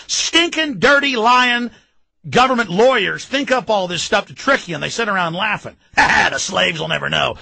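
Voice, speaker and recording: Ranting Texan male radio host, high gravelly voice, mocking and loud. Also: dry recording, rough recording. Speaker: radio talk show host. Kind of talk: fired-up political rant.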